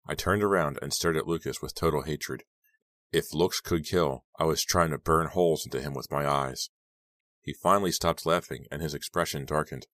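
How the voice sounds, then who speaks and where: A man with an extremely deep, low voice narrates a teen thriller audiobook in a steady, dramatic way. The recording is dry and close, with no room sound. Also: normal speed, dry recording. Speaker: audiobook reader. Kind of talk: first-person audiobook narration.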